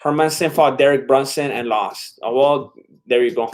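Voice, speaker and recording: A man's voice: mid-range voice, moderate pace. A man hosting a live stream in casual chat, rambling and laid-back as he reacts to viewer comments. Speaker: livestream host.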